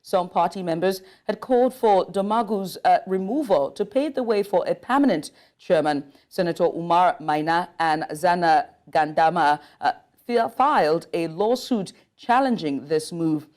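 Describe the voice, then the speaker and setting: A woman's voice: lowish voice, expressive, moderate pace, darkish tone. A woman anchoring a news bulletin, reading stories and then interviewing a guest, with occasional slips and restarts. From Nigeria. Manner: reads with small slips and restarts.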